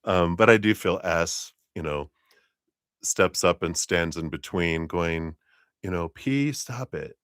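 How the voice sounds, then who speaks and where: Low, slow-talking male tarot reader. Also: fairly even intonation, a bit bright, clean tone, no room sound, clean studio sound. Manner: rambling, hesitant storytelling with many fillers and laughs. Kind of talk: live-streamed tarot reading.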